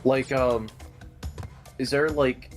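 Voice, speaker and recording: A man co-hosting a game stream, rambling in halting casual chat with many fillers, sometimes with his mouth full. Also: mid-range voice, steady tone. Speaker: stream co-host. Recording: livestream with game music behind. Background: game music.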